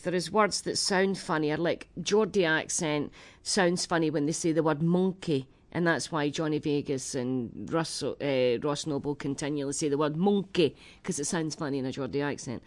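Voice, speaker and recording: A woman in her forties with a Glaswegian Scottish accent, a comedian chatting as a radio interview guest in a quick-witted, self-deprecating way. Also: deep voice. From Scotland. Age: 40s. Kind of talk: casual radio interview chat.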